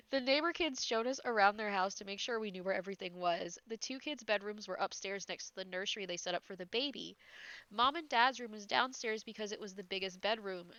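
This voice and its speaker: A woman's voice: mid-range voice, pushed and bright, no echo. A woman reads ghost stories aloud in a mid-range voice, stopping often to laugh and react in disbelief. Her nose sounds a little stuffed up. The recording is dry and slightly dull. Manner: breaks off into giggles and incredulous asides. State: slightly congested.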